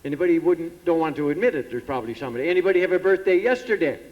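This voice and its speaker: A man's voice: a little high, animated, very fast. A man telling folksy, self-deprecating jokes about old age to a live audience from a theatre stage. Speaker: comedian entertaining at a pageant. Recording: dull, muffled hall recording with long reverb.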